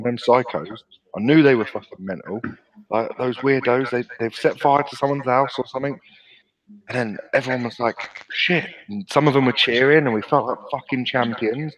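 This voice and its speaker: A man's voice: mid-range voice, brisk, rough recording. A man in his thirties telling sweary, laughing stories as a podcast host. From England. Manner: sweary, laughing, animated storyteller. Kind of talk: casual chat, storytelling.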